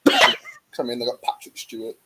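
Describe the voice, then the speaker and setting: Man, sarcastic grumbling, mid pitch, clicky noisy recording. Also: wildly swooping pitch, moderate pace. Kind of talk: casual movie chat.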